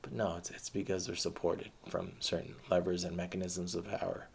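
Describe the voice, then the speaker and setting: A man's voice: deep voice, completely flat delivery, brisk, gravelly, breathy edge. A man delivering an impassioned political monologue, ranting with frequent restarts and hesitations. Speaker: political commentator.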